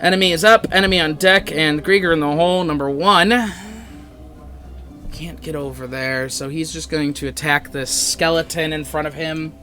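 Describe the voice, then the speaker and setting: A man's voice: a little high, steady tone, moderate pace, pushed and bright, soft background music. A man running a tabletop game as dungeon master, narrating casually with many fillers.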